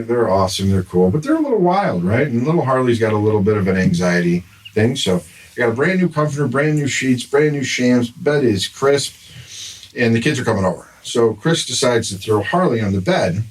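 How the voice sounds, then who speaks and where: An older man, a grandfather, telling a long exasperated story in casual podcast chat. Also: medium pitch. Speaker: podcast guest. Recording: somewhat distant mic with faint noise.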